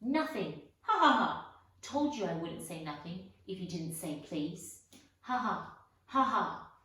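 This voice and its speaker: A woman's voice: medium pitch, expressive, slow, slight background noise. A woman voicing a mischievous male poltergeist who taunts in a sing-song voice, recorded in an echoey room from far off the mic. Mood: gloating.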